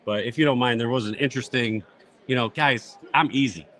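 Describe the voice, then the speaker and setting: A man guesting on a podcast at a trade show, joking with mock bravado in a deadpan way. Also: medium pitch, brisk. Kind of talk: casual podcast banter. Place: busy trade show floor.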